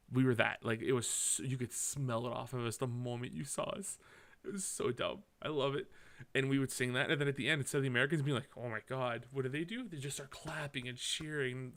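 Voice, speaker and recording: A man's voice: medium pitch, a bit bright. Male podcast host from Canada, drinking on mic, rambling solo storyteller with self-corrections and casual swearing. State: drinking while talking.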